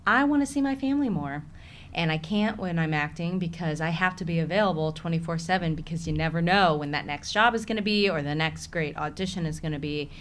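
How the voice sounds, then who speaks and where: A woman's voice: low-pitched, a little fast, hardly any pauses, a little hiss or hum. A woman with a Chicago accent, an actress talking candidly in a casual interview and laughing often. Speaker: actress, podcast guest.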